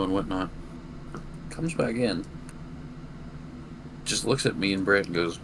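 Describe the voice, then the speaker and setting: A man's voice: fairly low pitch, expressive, a little slow, gravelly, pauses often. A young man co-hosting a podcast, telling a rambling anecdote in casual chat and swearing freely. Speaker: podcast co-host. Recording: noticeable background noise.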